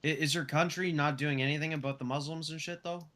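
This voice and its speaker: A man's voice: a little high, fairly even intonation, quick pace, pushed and bright. A man in a casual voice-chat debate who speaks hesitantly, stopping to correct himself. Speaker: debate participant.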